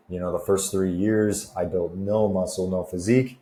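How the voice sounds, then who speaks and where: A man's voice: sits low, fairly even intonation, normal speed, dark tone. A young man coaching fitness and confidence in a laid-back, slangy, chatty way. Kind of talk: casual advice vlog. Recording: roomy echo with faint noise.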